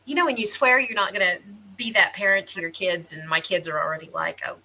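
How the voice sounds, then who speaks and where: Her voice is medium in pitch but fast, expressive, pushed and bright, captured in a rough recording. She's a chatty Southern American woman co-hosting a live podcast stream, casually reading viewer comments out loud.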